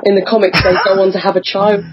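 A woman's voice: medium pitch, little pitch movement, quick pace, dull audio, background noise. A woman hosting a podcast in casual chat, chatty and giggly with frequent fillers. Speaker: podcast host.

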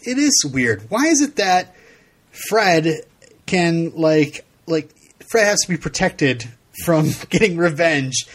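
A man hosting a podcast in casual discussion, wry and joking. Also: a little high.

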